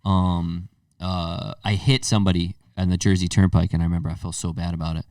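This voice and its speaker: A man's voice: low voice, little pitch movement, brisk, darkish tone, dry recording, clean studio sound, recorded from a distance. A man co-hosting a podcast, chatting casually and telling loose, profane stories. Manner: loose, storytelling, swearing freely. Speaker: podcast co-host. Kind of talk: casual chat.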